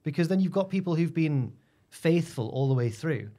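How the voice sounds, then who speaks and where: A man's voice: fairly high pitch, moderate pace. A man, co-hosting a casual chat and telling stories animatedly, acting out what others said. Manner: animated storytelling, acts out quotes. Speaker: podcast co-host.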